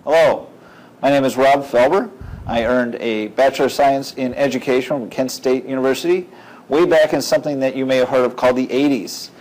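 A man's voice: medium pitch, steady tone, fairly quick, darkish tone, poor audio. A man who runs a marketing company, introducing himself with wry jokes. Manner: jokey, wry. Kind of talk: casual self-introduction.

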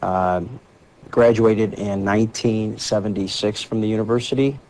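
A man company head introducing himself in a measured, matter-of-fact way. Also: fairly low pitch, steady tone, darkish tone, a little hiss or hum, poor audio. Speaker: company CEO. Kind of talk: self-introduction.

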